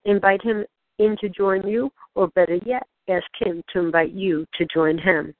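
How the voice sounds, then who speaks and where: A woman leading a channeled spiritual guidance session, speaking in gentle, questioning prompts to the listener. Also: medium pitch, fairly even intonation, normal speed, dry recording. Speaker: spiritual guide. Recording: dry, tinny phone-like sound.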